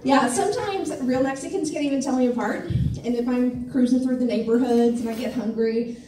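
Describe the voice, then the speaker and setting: A woman from Missouri doing a stand-up comedy set on a club stage, with a dry, self-deprecating delivery full of pauses and fillers. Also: on the high side. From Missouri, USA. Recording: echoey club room, mic from a distance, faint ambience.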